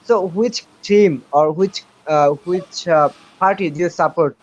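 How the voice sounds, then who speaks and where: Male stream guest from Asia; halting, filler-heavy delivery, high voice, muffled lo-fi sound. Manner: hesitant, halting, many fillers. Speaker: guest on a livestream. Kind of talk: casual chat.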